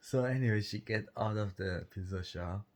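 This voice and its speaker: A man's voice: on the low side, moderate pace, darkish tone. A man telling a story in a casual chat, chuckling between lines and speaking English with non-native grammar. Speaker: vlogger.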